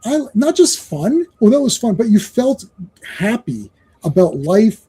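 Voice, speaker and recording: A man's voice: high voice, big pitch swings, measured pace, warm tone, slightly rough. A man co-hosting a comics podcast, ranting in casual chat, swearing and acting out quotes in voices. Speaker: podcast co-host.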